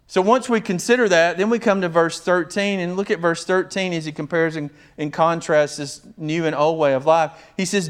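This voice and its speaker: Male pastor, sermon delivery, slightly high pitch, animated, acts out voices. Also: moderate pace.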